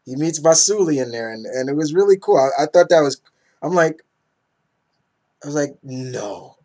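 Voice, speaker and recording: A man's voice: on the high side, moderate pace, dark tone. A man in his thirties casually reviewing comic books, enthusiastic and rambling, often tripping over names.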